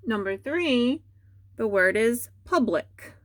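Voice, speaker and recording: A woman teacher dictating a spelling test to students at home, repeating each word slowly and giving patient instructions. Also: mid-range voice, a bit bright, no echo, clean studio sound. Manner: slow, deliberate dictation with repeated words.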